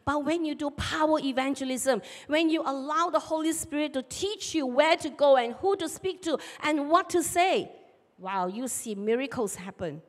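A woman pastor, preaching a sermon and telling personal stories in an animated way. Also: high-pitched, normal speed. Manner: animated storyteller, acts out shouted market dialogue. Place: church sanctuary. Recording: long church hall reverb.

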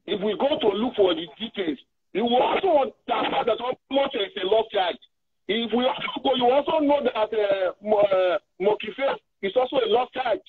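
A man's voice: extremely high pitch, animated, normal speed, breathy edge. A man from Nigeria, hosting a heated opinion talk show in an indignant, repetitive, rambling way. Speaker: host. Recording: tinny phone line.

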